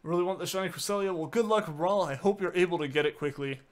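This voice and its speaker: His voice sits high and moves at a quick pace as he streams a game and casually answers messages from viewers. The man's live-stream chatter is filler-heavy, full of "like" and restarted sentences.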